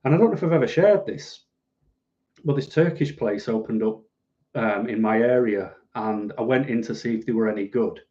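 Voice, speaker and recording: A man's voice: medium pitch, normal speed, mellow, highs cut off. A middle-aged man chatting casually on a live stream at home, rambling and self-deprecating as he reads out viewer comments. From United Kingdom.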